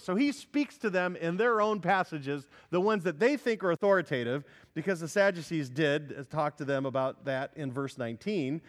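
A man preaching an expository sermon, addressing the congregation directly with questions and rising to forceful declarations. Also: fairly high pitch. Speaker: pastor.

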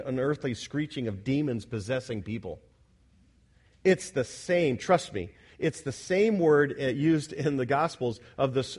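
A man preaching an expository sermon, talking with the congregation, asking them questions and correcting himself, who drops to quiet asides and then rises to loud, shouting emphasis. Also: medium pitch. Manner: conversational, asks the congregation questions, self-correcting. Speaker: pastor.

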